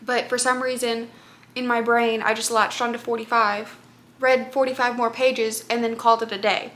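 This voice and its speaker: A woman's voice: fairly high pitch, little pitch movement, normal speed, fairly bright tone. A woman book vlogger talking casually to camera, chatty and rambling, with lots of fillers.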